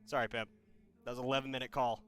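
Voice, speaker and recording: A man hosting a call-in show talks quickly in a bright, crisp voice. He gives blunt, profane advice in a loose, bro-ish way. His voice sounds close and dry. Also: medium pitch, little pitch movement. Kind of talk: casual advice chat with callers.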